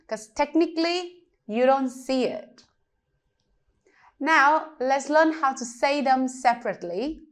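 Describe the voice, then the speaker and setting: Female language teacher, slow and patient, slightly high voice. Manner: patient, explains step by step with examples. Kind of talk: slow pronunciation lesson.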